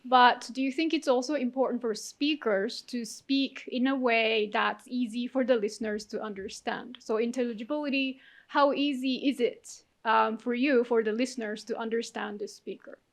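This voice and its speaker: A woman judge puts questions to a student and patiently rephrases them when he is unsure. Her voice sits somewhat high and stays measured and clear. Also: steady tone. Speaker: contest judge asking questions. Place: conference hall.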